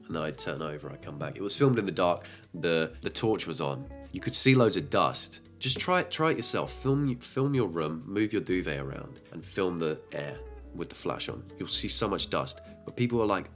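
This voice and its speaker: A man's voice: sits low, lively intonation, normal speed, fairly bright tone, soft background music. A young man hosting a reaction video, making sarcastic jokes and laughing often. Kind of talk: casual commentary.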